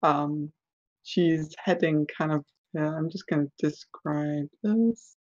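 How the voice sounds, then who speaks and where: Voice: medium pitch, slow, darkish tone, lo-fi sound. A game master narrating a tabletop game, hesitant and full of ums and restarts.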